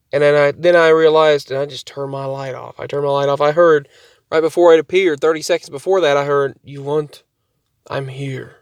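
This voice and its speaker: Man vlogger, rambling storyteller, higher-than-usual pitch, close dry sound. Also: smooth, dry recording. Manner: rambling, repeats and restarts himself. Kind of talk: casual storytelling to camera.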